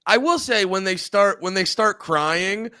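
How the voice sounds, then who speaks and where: A man's voice: sits high, expressive, unhurried, sharp tone, clean tone, no room sound. A man hosting a podcast, rambling in casual chat with lots of swearing and acted-out quotes. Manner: rambling, profane, acts out quotes. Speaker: podcast host.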